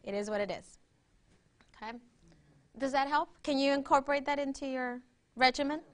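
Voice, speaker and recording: A woman's voice: sits high, moderate pace. A woman presenting a workshop, guiding a breathing exercise and teaching in a conversational way, often checking in with her listeners. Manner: interactive, keeps checking in with "right?".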